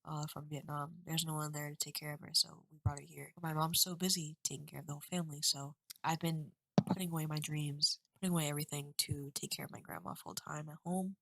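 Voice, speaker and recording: A young woman in her twenties vlogs into her webcam at home, rambling and emotional as she talks through a hard stretch. Her voice sits low yet sounds bright and forceful. The room is dry, with little echo. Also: fairly even intonation, fast, creaky. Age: 20s. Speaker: vlogger. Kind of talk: confessional webcam vlog.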